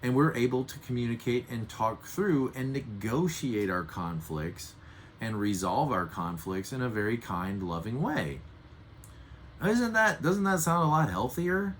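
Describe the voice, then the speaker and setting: A man's voice: mid-range voice, big pitch swings, a little slow, a little hiss or hum. A middle-aged man coaching on handling anger, teaching earnestly and acting out little example conversations. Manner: earnest, emphatic, acts out example dialogues. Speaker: Enneagram relationship coach. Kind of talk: teaching talk to camera.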